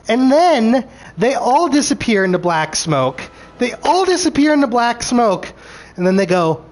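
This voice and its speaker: A man ranting through a show recap, animated and frustrated, swearing freely and acting out characters' lines. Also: sits high. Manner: acts out characters' lines in quick voices.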